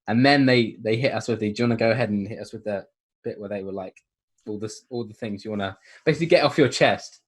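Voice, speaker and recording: हँसमुख, खुरदरी आवाज़ वाला ब्रिटिश युवक. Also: male voice, fairly low pitch, fast, husky. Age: young adult. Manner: relaxed, laughs often, trails off. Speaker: podcast co-host. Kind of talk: casual chat.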